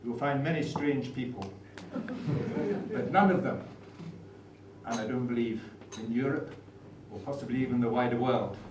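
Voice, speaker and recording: A man's voice: medium pitch, steady tone, fairly quick, few pauses, a little mellow. A man giving a dry, self-deprecating comic speech at a dinner. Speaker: after-dinner speaker. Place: dinner hall. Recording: roomy hall, far mic, noisy.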